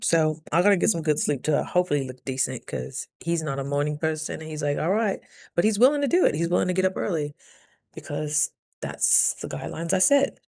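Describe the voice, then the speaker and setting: Woman vlogger, low gravelly voice, chatty and candid, motivational. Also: lively intonation, brisk, darkish tone. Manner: candid, chatty, motivational, lots of "you know". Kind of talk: casual vlog talk to camera.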